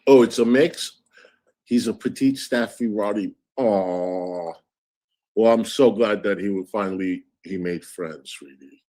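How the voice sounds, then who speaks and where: A man's voice: lowish voice, measured pace, darkish tone. A man hosting a livestream who argues sarcastically and thanks viewers for donations in a sugary tone. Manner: sarcastic, combative, switching to sugary thanks for donors. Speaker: streamer host. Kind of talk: heated livestream argument.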